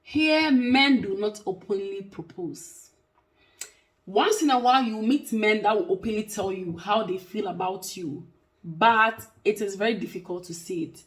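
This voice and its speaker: Woman, 30s, casual to-camera vlogger, mid pitch, emphatic and repetitive delivery. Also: a little slow. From Africa. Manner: emphatic, repeats points for stress. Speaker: vlogger and care worker.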